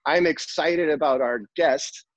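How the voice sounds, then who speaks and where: A man's voice: on the high side, unhurried, background noise. A man co-hosting a podcast in casual chat, telling rambling, joking stories. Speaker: podcast co-host.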